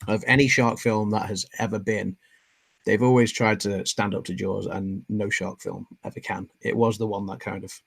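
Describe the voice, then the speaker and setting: A man's voice: fairly low pitch, steady tone, normal speed, vocal fry, husky, dry recording. A man co-hosting a casual movie chat, speaking hesitantly with many restarts. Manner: hesitant, full of restarts and self-corrections.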